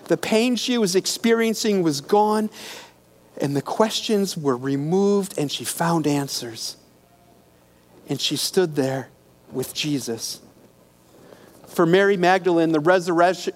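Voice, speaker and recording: A man with a notably high voice delivers a sermon, retelling scripture as a story. He leaves pauses, corrects himself here and there, and sinks into hushed, quiet passages. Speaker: preacher.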